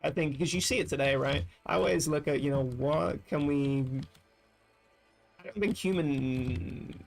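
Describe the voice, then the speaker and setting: A man chats casually on a livestream, thinking aloud and swearing often as his thoughts wander. His voice sits fairly high for a man and has a gravelly fry, with faint music playing behind him. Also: measured pace. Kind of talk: casual livestream chat while gaming.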